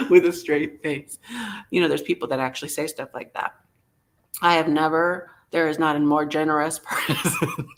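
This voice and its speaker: A man's voice: a little high, fairly bright tone. A man hosting a live online vintage sale, taking bids and joking playfully with a theatrical manner. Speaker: live auction seller.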